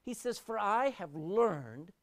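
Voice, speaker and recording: A woman delivers a sermon in a very animated voice, her pitch sweeping high and low. She presses hard on key phrases, then sinks to a hush. She often repeats a word as she restarts a thought. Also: slow. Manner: expressive, rising and dropping sharply for emphasis; repeats words when restarting. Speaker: preacher.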